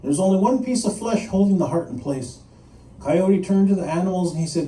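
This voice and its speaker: Brief: male storyteller, animated and playful, fairly high and very dark-toned. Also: brisk. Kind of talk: live oral storytelling. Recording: echoey room, mic at a distance.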